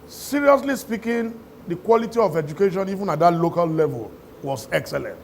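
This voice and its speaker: Nigerian guy telling stories, high gravelly voice, laughs a lot, faint crowd noise behind. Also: brisk. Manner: laughs through his stories, animated. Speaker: talk show guest. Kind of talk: storytelling conversation.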